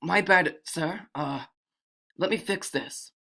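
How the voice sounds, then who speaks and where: An amateur storyteller putting on the voice of a nervous older male bartender who speaks softly and hesitantly, apologizing. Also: medium pitch, slow pace, gravelly, pitched above the performer's own voice, heavily acted. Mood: apologetic.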